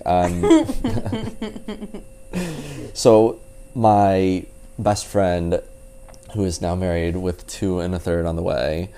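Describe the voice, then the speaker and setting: A man's voice: low voice, lively intonation, extremely slow, long pauses, dark tone. A man in his twenties telling a story as a podcast guest, rambling with lots of "like" and laughing easily. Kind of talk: casual storytelling chat.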